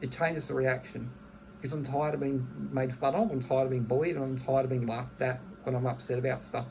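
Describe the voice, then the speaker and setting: A man's voice: medium pitch, little pitch movement, brisk, darkish tone, slight background noise, rough recording. A man, venting bluntly in a casual monologue, swearing heavily and often restarting his phrases. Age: 30s. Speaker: vlogger.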